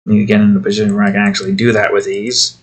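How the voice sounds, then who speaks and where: A man's voice: lowish voice, little pitch movement, rapid-fire, breathy edge. A man talking casually to himself while drawing digital art, muttering about his work and snapping at his cat. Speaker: artist drawing on stream.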